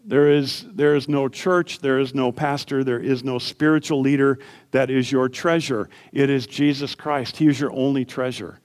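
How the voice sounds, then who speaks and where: A middle-aged man preaching a sermon as pastor, earnest, climbing to emphatic peaks and then dropping to quiet storytelling. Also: mid-range voice, steady tone, normal speed.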